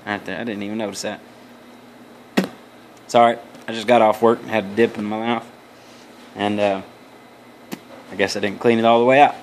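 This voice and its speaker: A man's voice: lowish voice, flat delivery, moderate pace, pauses often, a little hiss or hum. Young man rambling crude jokey storytelling. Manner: crude, profane, joking asides; loose, meandering, many restarts. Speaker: vlogger.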